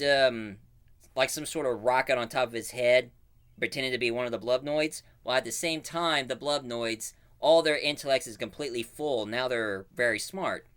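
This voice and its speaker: A man casually retelling a cartoon plot as a reviewer, with animated storytelling full of fillers. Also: medium pitch, normal speed, clean tone.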